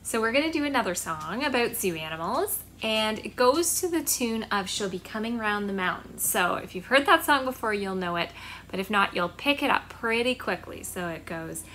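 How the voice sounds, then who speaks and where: A woman's voice: mid-range voice, lively intonation, normal speed, fairly bright tone, slight background noise. A young woman, a children's librarian, cheerfully talking young children through a storytime.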